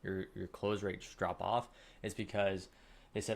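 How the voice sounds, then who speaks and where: A man teaching sales techniques in an emphatic coaching style, often checking in with a quick "okay?". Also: sits low, little pitch movement, gravelly. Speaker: sales trainer. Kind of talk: coaching lesson.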